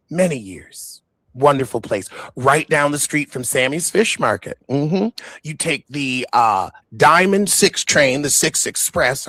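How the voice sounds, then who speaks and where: A man's voice: medium pitch, bright, forceful tone, no room sound. A man, hosting a reaction show, talking in a casual, mocking way and swearing freely. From the Bronx, New York. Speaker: host reacting to an interview.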